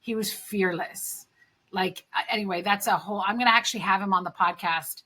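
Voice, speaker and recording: Podcast host, female, bright clear tone, mid pitch, frank and chatty with casual swearing. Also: brisk.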